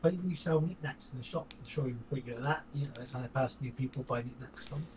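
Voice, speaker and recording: A man playing a character in a tabletop game, making a rambling, persuasive pitch. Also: fast talker, darkish tone. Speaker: player. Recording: distant mic with faint noise.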